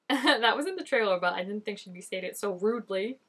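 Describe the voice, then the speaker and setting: A woman's voice: mid-range voice, expressive, brisk, husky. A woman reacting to a TV episode in casual commentary, exclaiming, gasping and laughing often at the screen. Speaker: TV show reactor.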